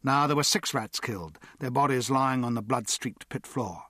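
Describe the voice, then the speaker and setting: A man narrating an audiobook with expressive, dramatic storytelling. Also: mid-range voice, moderate pace, dry recording, studio quality.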